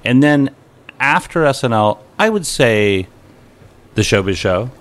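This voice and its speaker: A man's voice: medium pitch, sing-song, measured pace. A middle-aged man, a comedy writer guest, telling wry anecdotes in a casual podcast chat. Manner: wry, anecdotal, quotes people in voices.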